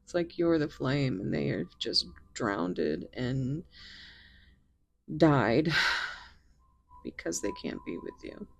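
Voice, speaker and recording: A woman doing a pick-a-card tarot reading, talking in a soft, musing way that drifts into whispers. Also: very deep voice, animated, slow, gravelly, long pauses. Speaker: tarot reader.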